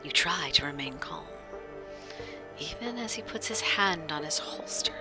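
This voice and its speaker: A woman game master giving whispered role-play narration in hushed, suspenseful tones and talking with her viewers. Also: low voice, expressive, unhurried. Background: music.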